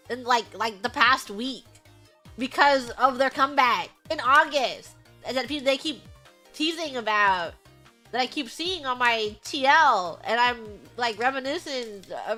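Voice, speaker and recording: A woman streamer in casual livestream chat, excitable and rambling, humming bits of songs between thoughts. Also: fairly high pitch. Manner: excitable, rambling, hums song snippets.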